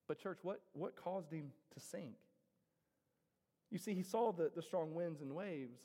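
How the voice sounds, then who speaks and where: Pastor, male, high voice, preaching with big dynamic swings, echoing sanctuary. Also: unhurried, dark tone. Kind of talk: sermon. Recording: reverberant hall.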